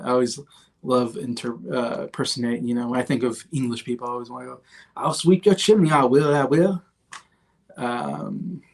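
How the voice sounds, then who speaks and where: A man's voice: medium pitch, vocal fry. A middle-aged man talking casually on a livestream, rambling with enthusiasm and lots of fillers and restarts. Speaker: host. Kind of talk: casual livestream movie ranking.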